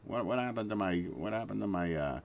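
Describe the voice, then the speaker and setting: Excitable swearing male livestream host. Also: lowish voice, brisk, gravelly. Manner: excitable, swearing, laughs often, trails off mid-sentence. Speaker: show host. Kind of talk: casual livestream chat.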